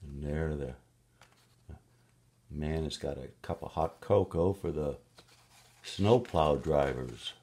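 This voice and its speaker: A man with a deep voice reads a picture book aloud to a child. He goes slowly and playfully, adding gasps and tooting sound effects between pages. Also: warm tone.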